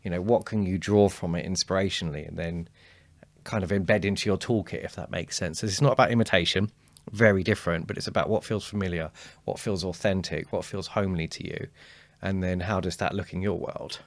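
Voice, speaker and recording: A man, a speaking coach talking as a guest in a casual podcast conversation, animated and acting out quotes. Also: low-pitched, a little fast, vocal fry, no echo. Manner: animated storyteller, acts out quotes.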